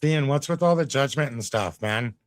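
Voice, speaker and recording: A man's voice: mid-range voice, normal speed, dry recording. A man giving casual live commentary as a reaction streamer, laid-back and folksy, with drawling asides to his chat.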